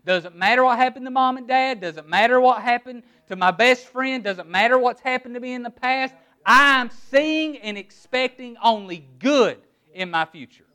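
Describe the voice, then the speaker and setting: High-voiced man preaching a sermon. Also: moderate pace, few pauses, sharp tone. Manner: emphatic preaching, word-by-word emphasis, rhetorical questions. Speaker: pastor.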